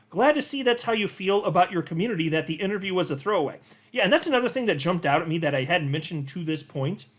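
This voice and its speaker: Animated, exasperated man reading posts aloud. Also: on the high side. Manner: folksy sayings. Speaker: crypto commentary host.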